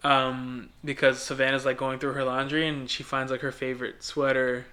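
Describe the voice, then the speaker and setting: A man's voice: medium pitch, little pitch movement, moderate pace, sharp tone. A young man co-hosting a podcast, casually retelling a movie plot with lots of "like" and quoted lines. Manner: rambling, filler-heavy retelling with quoted voices. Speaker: podcast co-host. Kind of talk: casual movie recap chat.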